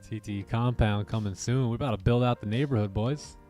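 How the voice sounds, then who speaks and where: A man's voice: on the low side, brisk, warm tone. A man hosting a live trading stream, chatting casually and joking in slang while reading his charts. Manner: laid-back, joking with co-hosts, slangy. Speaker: trading livestream host. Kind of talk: casual livestream chat and chart commentary. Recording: faint music behind.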